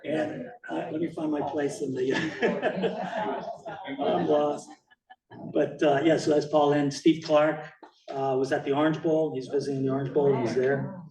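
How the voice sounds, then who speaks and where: Recorded from a distance in an echoey meeting hall with crowd noise, a photographer in his sixties from Miami speaks at a measured pace in a fairly high, steady voice. As a guest speaker, he rambles casually through his slides, chuckling and using plenty of fillers.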